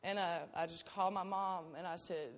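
A woman's voice: lowish voice, steady tone, moderate pace. A young woman giving an earnest, emotional faith testimony. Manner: earnest and emotional, breaks into laughter. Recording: long hall reverb.

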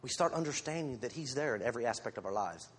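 A man's voice: mid-range voice, lively intonation, fast talker, slightly rough. A man giving an informal church sermon to his congregation on a handheld microphone, candid and self-deprecating, with joking asides. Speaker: lay preacher. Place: church sanctuary. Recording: long hall reverb.

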